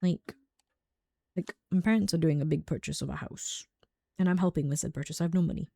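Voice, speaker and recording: A woman's voice: lowish voice, brisk, creaky, dark tone, no echo, clean studio sound. A young adult woman streaming a game live, rambling and chatting casually with frequent laughs.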